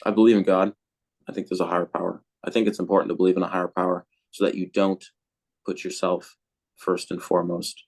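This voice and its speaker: Deep-voiced man rambling on a podcast. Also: flat delivery, quick pace, creaky, darkish tone. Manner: rambling, with many fillers and restarts. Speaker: podcast co-host being interviewed. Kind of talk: casual podcast chat.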